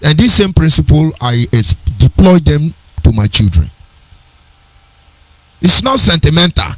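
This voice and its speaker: A man's voice: a little high, sing-song, measured pace, no echo, poor audio. A middle-aged man with a Nigerian accent, giving an earnest personal storytelling talk on a radio program, digressive and with sing-song emphasis.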